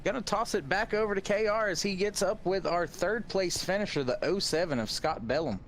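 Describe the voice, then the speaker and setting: A man's voice: high voice, a little fast, a little hiss or hum. A man commentating from the broadcast booth, talking casually and repeating folksy phrases. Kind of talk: post-race commentary.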